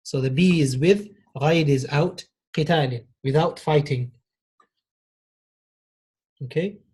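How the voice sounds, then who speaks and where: Husky man teaching Arabic grammar. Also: fairly high pitch, measured pace, a little mellow. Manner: patient, repeats key phrases, praises students. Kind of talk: classroom lesson.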